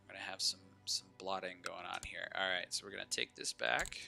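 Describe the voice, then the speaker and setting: A man's voice: sits low, fairly even intonation, fairly quick, vocal fry, pushed and bright, soft background music. A man giving casual live commentary while playing a strategy game, chatting to viewers and talking back to the characters on screen.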